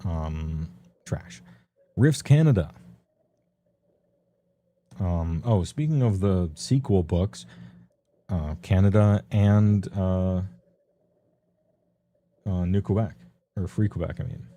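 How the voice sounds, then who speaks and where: Man, deep voice, very dark tone, casual streamer commentary, offhand rambling. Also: takes it slowly, long pauses. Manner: loose and offhand, many ums, laughs at himself. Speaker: streamer reviewing tabletop game books.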